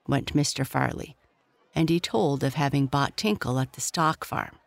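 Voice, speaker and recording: A gentle storyteller reads a children's bedtime tale in an even, middle-pitched voice. The sound is dry and close to the mic. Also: normal speed, vocal fry, dry recording. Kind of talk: scripted storybook narration.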